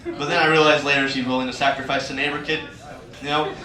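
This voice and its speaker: A man's voice: mid-range voice, flat delivery, fast talker, heavy background noise. A man performing a stand-up comedy set, acting out the voices of people in his stories. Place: comedy club stage. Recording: echoey club, mic far, loud crowd laughter.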